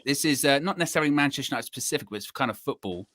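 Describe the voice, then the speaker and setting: A man hosting a casual live football chat stream, animated and repeating himself for emphasis. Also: medium pitch, racing, no echo, clean studio sound. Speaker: host.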